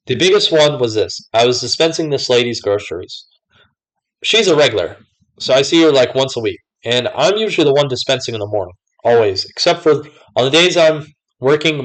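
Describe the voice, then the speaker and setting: Young guy rambling thru a vlog, mid pitch, lots of likes and whatevers. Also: fairly bright tone, low-quality recording. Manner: rambling, many fillers like "like" and "whatever". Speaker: vlogger. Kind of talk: casual talk to camera.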